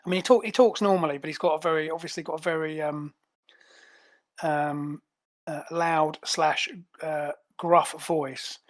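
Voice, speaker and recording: A man narrating as game master in a relaxed way with many fillers. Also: a little high, moderate pace, dry recording.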